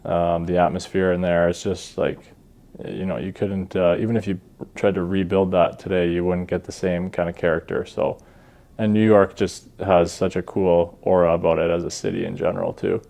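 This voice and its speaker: A Canadian man in his thirties, a hockey goalie talking as a podcast guest in a relaxed, self-deprecating way with many ums and uhs. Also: low-pitched, moderate pace, gravelly. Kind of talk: relaxed interview chat.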